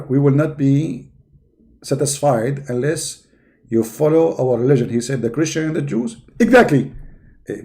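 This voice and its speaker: A man hosting a video, talking sarcastically in a mocking commentary and drawing out his questions slowly. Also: mid-range voice, vocal fry, warm tone. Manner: sarcastic, with slow, drawn-out questions. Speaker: video host. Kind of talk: mocking commentary with a comic skit.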